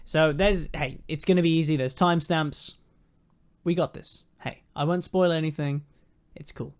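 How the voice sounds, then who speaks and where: A man's voice: a little high, fairly even intonation, normal speed, clean tone. A young man co-hosting a podcast, rambling through a casual review chat with lots of ums and swearing. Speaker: podcast co-host.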